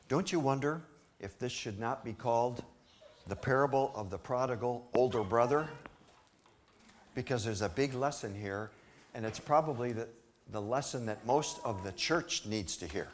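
A man's voice: mid-range voice, moderate pace, slight background noise. A man preaching a sermon, reading scripture dramatically and asking the congregation rhetorical questions.

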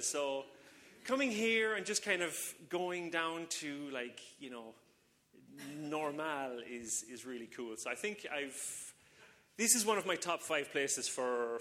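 In a big-sounding room, a British man in his thirties, a visiting speaker at a church service, chats and jokes casually with the congregation. His voice is fairly high, bright and forceful, expressive and unhurried.

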